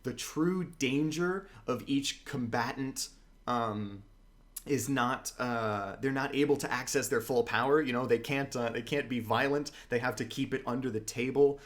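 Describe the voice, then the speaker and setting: A man co-hosting a podcast in casual chat, an animated storyteller who acts out the scenes he retells. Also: mid-range voice, a little slow. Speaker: podcast co-host.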